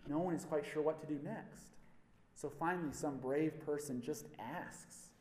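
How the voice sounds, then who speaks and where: A man's voice: fairly high pitch, lively intonation, a little slow, long pauses, darkish tone. A man preaching a sermon, telling a story in a conversational style with a wry sense of humor. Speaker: pastor. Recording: echoey hall reverb.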